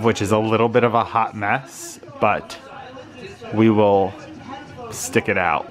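Chatty young man vlogging at home. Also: fairly low pitch. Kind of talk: casual vlog narration.

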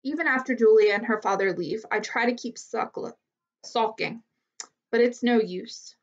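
A woman reading a children's novel aloud with steady, clear storytelling. Her voice sits a touch high, and the recording is slightly muffled and lo-fi. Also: normal speed, recorded from a distance.

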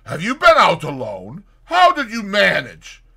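A man's voice: high voice, wildly swooping pitch, measured pace, creaky, pushed and bright, slightly rough, pitched above the performer's own voice, full character voice. A man voicing an anxious young medical student who speaks in raised, startled and pleading tones.

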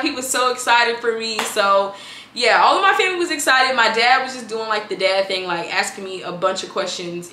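A woman, telling her story in a chatty, animated vlog and acting out her family's lines. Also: a little high, echoey room, slight background noise. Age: 20s. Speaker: vlogger.

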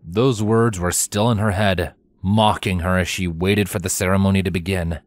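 A man reading fanfiction aloud in steady storytelling narration. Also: deep voice, normal speed, no echo, faint music behind. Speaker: fanfiction reader. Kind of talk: scripted narration.

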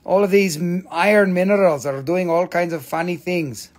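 Excitable, higher-pitched man selling crystals. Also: normal speed. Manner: excitable, swearing, playful, non-native phrasing. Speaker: live sale host. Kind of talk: live-stream crystal sale.

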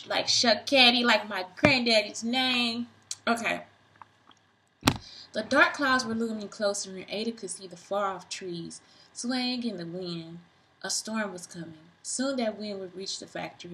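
A woman reading a children's book aloud, doing sound effects and stopping for excited asides to young listeners. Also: mid-range voice, a little hiss or hum, rough recording.

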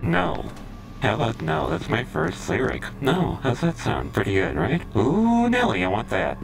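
A man's voice: a little high, sing-song, measured pace, vocal fry. A man streaming a game, bantering in a crude, sarcastic way with casual commentary.

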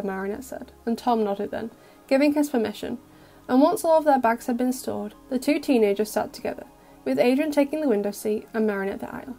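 Gentle woman narrating a fan story. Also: fairly high pitch, fairly quick, soft background music. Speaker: audio fic narrator. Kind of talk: scripted narration.

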